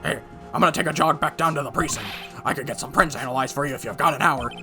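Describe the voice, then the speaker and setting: A man's voice: a little high, fast talker, music in the background, close to an everyday voice. A man voicing a restless, eager male police detective who talks in a chummy way. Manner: chummy, calls people pal. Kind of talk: fan voice-over of a game.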